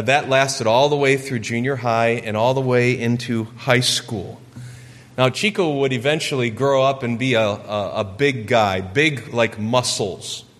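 A man in his forties from Michigan telling a personal story during a sermon, earnest and lively. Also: mid-range voice. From Michigan, USA. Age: 40s. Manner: earnest storytelling, gets lively acting out quotes. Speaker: preacher. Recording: long hall reverb.

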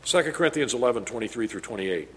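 A man preaching a sermon as pastor, emphatic, his loudness rising and falling as he drives points home. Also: mid-range voice, lively intonation, fast talker.

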